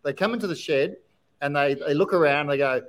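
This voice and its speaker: A man's voice: a little high, fairly quick, poor audio. A man with an Australian accent who hosts a casual podcast chat, talking agreeably and saying "yeah" a lot. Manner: chatty, agreeable, lots of "yeah". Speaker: podcast host.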